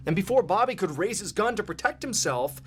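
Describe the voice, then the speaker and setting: A man's voice: expressive, a little hiss or hum. Man telling a suspenseful story. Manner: suspenseful, slows and drops low for tense moments. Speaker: storyteller in a played video. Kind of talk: dramatic scripted narration.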